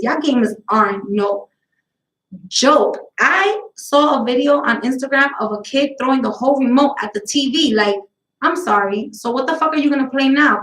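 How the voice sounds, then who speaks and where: In a high-pitched, slightly bright voice, the host of a live talk stream chats casually on her own show. She rambles between stories, blunt and full of profanity. Audio quality is poor, with noticeable reverb.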